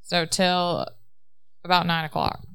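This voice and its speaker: A woman's voice: on the low side, level tone, slow, vocal fry, a bit bright, clean tone, dry recording. A woman in a casual game chat, laying out theories one step at a time. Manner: methodical, lays out theories step by step.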